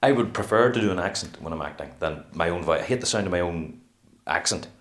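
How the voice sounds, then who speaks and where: A middle-aged male actor chats about his craft in a casual interview. His voice is low, and he rambles with animation, slipping into little acted-out quotes. The room around him is echoey. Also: expressive, quick pace, fairly bright tone.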